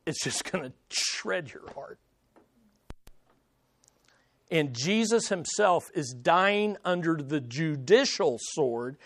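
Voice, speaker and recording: A man preaching a sermon to a congregation, emphatic, swinging between loud stresses and hushed lines. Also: on the high side, lively intonation, slow. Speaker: pastor. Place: church sanctuary with congregation.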